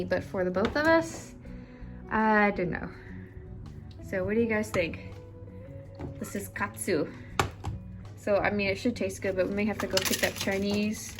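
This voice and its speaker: An American woman in her thirties chatting casually in a vlog, self-deprecating and laughing often. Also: medium pitch. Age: 30s. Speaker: vlogger.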